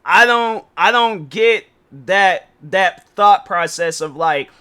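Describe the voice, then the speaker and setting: A man's voice: high voice, expressive, slow, pushed and bright, clean tone. A man giving casual reaction commentary as a YouTuber, exasperated and rambling, with slang and many restarts.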